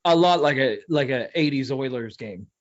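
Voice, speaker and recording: A man co-hosts a casual hockey podcast, dropping quick jokey asides into the chat. His voice sits at a middle pitch for a man. The sound is a little muffled and lo-fi. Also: lively intonation. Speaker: podcast co-host. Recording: slightly dull lo-fi audio.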